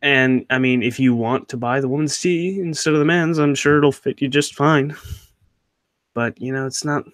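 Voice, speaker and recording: A man's voice: mid-range voice, normal speed, a bit bright, dry recording, clean studio sound. Young man rambling through viewer questions. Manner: rambling, hesitant, many fillers and restarts. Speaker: channel host answering viewer questions. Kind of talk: casual Q&A chat.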